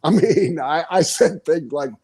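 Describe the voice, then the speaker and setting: A man's voice: fairly high pitch, measured pace, breathy edge. An older man, a retired wrestler, telling stories in an interview, acting out quotes and laughing often. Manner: animated storyteller, acts out quotes, laughs often. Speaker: guest, retired pro wrestler. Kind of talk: storytelling interview.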